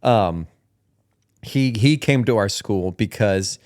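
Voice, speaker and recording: A man's voice: fairly low pitch, slow pace, a little mellow. A young man hosting a podcast. He tells school stories in a casual, slangy way, laughing often. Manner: laughs often, loose slangy talk full of "like" and "dude". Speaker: podcast host. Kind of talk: casual storytelling chat.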